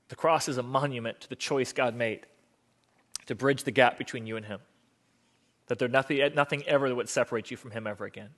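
A man's voice: medium pitch, steady tone, brisk, fairly bright tone. A man, a pastor, preaching a sermon in an earnest, conversational storytelling manner.

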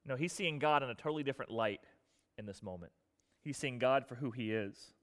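A man preaching a sermon in a conversational way, with casual slang and rhetorical questions, dropping to a hushed low voice for solemn points. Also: fairly quick, big-room sound. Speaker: pastor.

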